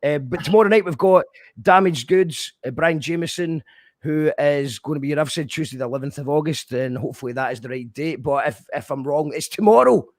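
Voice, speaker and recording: A man's voice: a little high, a little fast, no room sound, clean studio sound. A man with a Scottish accent hosting a casual radio interview, chatty and swearing casually. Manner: chatty, swears casually, reads out listener comments. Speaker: radio show host.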